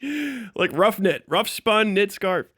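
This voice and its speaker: A man's voice: sits high, takes it slowly, dry recording, studio quality. A man from Kentucky telling a story on his livestream, swearing freely and laughing often. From Kentucky, USA. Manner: profane, animated retelling, frequent laughs. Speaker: live streamer.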